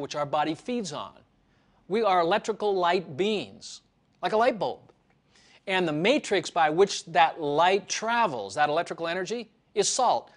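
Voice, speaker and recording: Emphatic, preachy man, slightly high voice. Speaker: health author. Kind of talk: promotional monologue.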